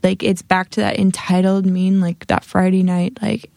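A woman's voice: medium pitch, normal speed, gravelly, no room sound, clean studio sound. A woman guest on a chat show, telling a story casually with lots of fillers and acted-out quotes, in her thirties. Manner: animated, many fillers, acts out quotes. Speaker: podcast guest, singer-songwriter.

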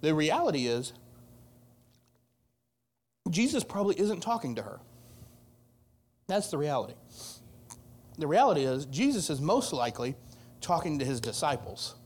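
A pastor delivering a casual, conversational sermon to a youth group, getting animated as he retells a scripture story. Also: moderate pace, long pauses, slightly rough. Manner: animated storytelling, voices Martha's complaint with rising pitch; casual, conversational preaching with fillers.

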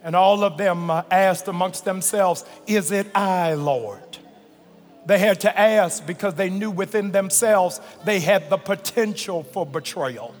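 A man pastor preaching a fervent sermon, stretching and shouting phrases and calling on the congregation to answer. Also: sits high, moderate pace, few pauses, soft background music. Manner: colloquial, calls on the congregation to respond. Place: large church sanctuary. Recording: reverberant large hall, live church recording.

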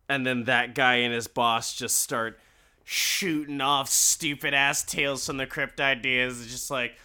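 Slow-talking bright-voiced man recapping a show. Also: medium pitch, clear, resonant tone. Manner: animated, laughing, profane, jumps into quoted voices. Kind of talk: casual recap with acted-out quotes.

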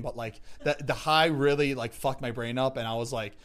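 A young man co-hosts a podcast, rambling through casual chat packed with filler words and swearing. His voice sits in the mid range with fairly even intonation, a moderate pace, and a slightly bright sound.

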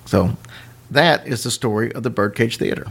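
Man, podcast host, casual storytelling, animated, chuckling asides. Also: medium pitch, moderate pace, gravelly, breathy edge.

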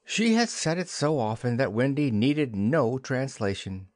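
A man narrating a classic children's storybook in an expressive, unhurried way. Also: medium pitch, dry recording, clean studio sound. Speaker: audiobook narrator.

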